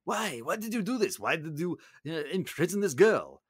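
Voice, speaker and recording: A man's voice: on the high side, big pitch swings, normal speed, slightly rough, dry recording, clean studio sound. A man voicing an anxious enchanted candlestick servant who presses his master with pleading questions.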